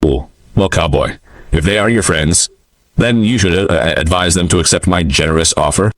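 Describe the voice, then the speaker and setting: A man reading a menacing outlaw, mocking, deep-voiced, dry close sound. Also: normal speed, no room sound, natural voice. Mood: sneering. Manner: mocking and threatening. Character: menacing burly male outlaw with a Texas drawl.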